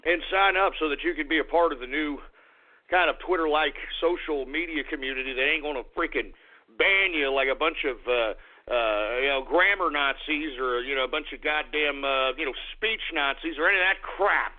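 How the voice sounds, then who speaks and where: Guy hosting a radio show, kinda high voice, tinny phone-line sound, hams it up yelling at people offstage. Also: normal speed. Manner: theatrical, scolds an unseen engineer and dog. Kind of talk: comedic call-in radio monologue.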